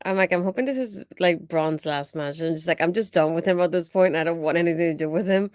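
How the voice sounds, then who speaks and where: A woman with a lower voice co-hosts a casual wrestling chat, recorded dry and close. She drops in quick, laughing asides and blunt opinions. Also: a little mellow, clear, resonant tone, dry recording. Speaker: podcast co-host.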